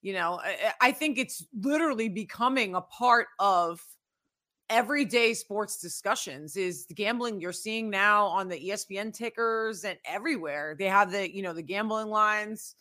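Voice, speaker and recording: A woman hosting a casual interview, speaking haltingly with frequent restarts. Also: medium pitch, bright, forceful tone. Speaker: host.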